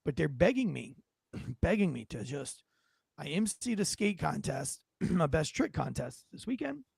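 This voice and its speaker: A man hosting a casual political commentary show, animated and joking, his voice raspy from yelling. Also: a little high, a little slow, no room sound, studio quality. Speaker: podcast host.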